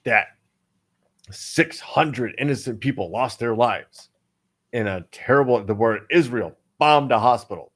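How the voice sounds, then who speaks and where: A man's voice: medium pitch, unhurried. Casual, profane man co-hosting. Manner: profane and digressive, laughs often. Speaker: co-host. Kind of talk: casual podcast chat.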